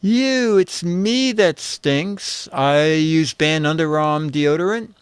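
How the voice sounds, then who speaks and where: A man hosting a casual comedy show, reading out photo captions and trading jokes in an unhurried way. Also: on the high side, smooth, no echo. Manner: unhurried, reads captions aloud with dry jokes.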